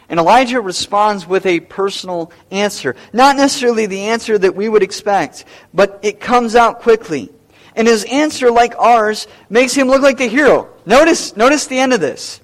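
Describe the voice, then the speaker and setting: A man's voice: high voice, animated, moderate pace. A man preaching a sermon as pastor, emphatic and repeating key phrases.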